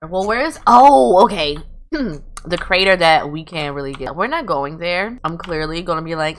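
A woman's voice: on the low side, expressive, normal speed, a bit bright. A woman hosting casual gameplay commentary, joking and swearing, squealing when surprised. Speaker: gaming channel host.

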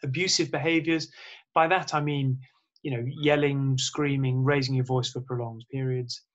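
A man's voice: mid-range voice, little pitch movement, moderate pace, dull audio. A man, a surgeon, giving a spoken lecture in an explanatory way, with frequent fillers and restarts.

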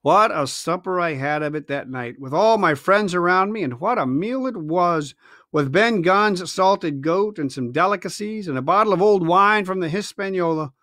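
A man reading a classic adventure novel aloud with expressive storytelling. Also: high-pitched, normal speed, no echo, clean studio sound. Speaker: reader.

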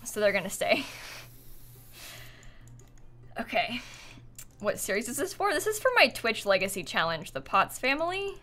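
A woman's voice: on the high side, very animated, moderate pace, long pauses, pushed and bright. A young woman in her twenties chatting casually while streaming a building game, telling stories with lots of giggles. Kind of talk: casual livestream chat while gaming.

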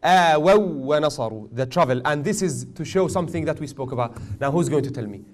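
A man's voice: mid-range voice, quick pace. Man teaching a recitation class. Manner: questions the class often, with gentle joking. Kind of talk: classroom tajweed lesson.

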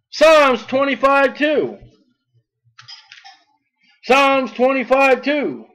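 A man's voice: very high-pitched, expressive, measured pace, fairly bright tone, poor audio. A man preaching a sermon, emphatic and drawing out key words.

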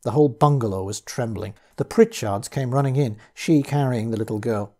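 A man giving a measured, grave first-person reading of a horror story. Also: medium pitch, mellow. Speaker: audiobook reader.

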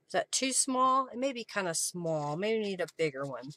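A woman with a bright, clear voice leads a live craft session. She muses aloud about each step and keeps up easy chatter with her viewers. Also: medium pitch, very animated, moderate pace, dry recording. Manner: chatty, thinking aloud while working, thanking viewers. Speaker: craft journaling host. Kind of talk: live-stream crafting demo.

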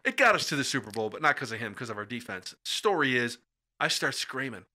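A middle-aged American man telling personal stories as a podcast guest, animated and acting out quoted voices. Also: mid-range voice, fairly quick. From USA. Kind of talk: casual storytelling in conversation.

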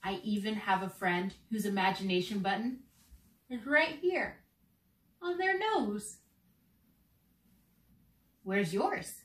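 A young woman who works as a children's theater teaching artist leads kids through warm-up games, slow, encouraging and playful. She has a mid-range voice, and the distant mic sits in an echoey room.

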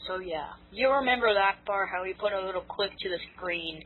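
Deadpan American teen girl. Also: medium pitch, brisk, breathy edge. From United States. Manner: deadpan, teasing. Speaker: guest. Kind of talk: casual chat over voice call. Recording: tinny lo-fi voice-call audio.

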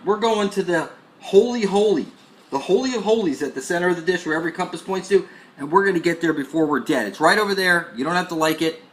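A man with a high-pitched voice hosts his own channel. He delivers a preachy rant that is aggressive and profane throughout. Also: pushed and bright. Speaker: channel host. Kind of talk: ranting monologue to camera.

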